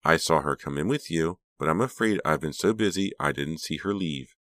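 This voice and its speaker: A man's voice: very deep voice, moderate pace, fairly bright tone, no echo, clean studio sound. A man reading an audiobook, voicing a polite, apologetic female receptionist.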